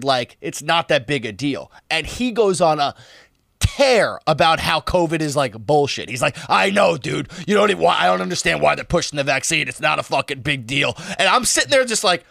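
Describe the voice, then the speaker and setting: A man telling a story in casual chat, animated, swearing and laughing often, acting out what others said. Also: fairly high pitch, creaky, no echo, studio quality. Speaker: podcast co-host telling a story.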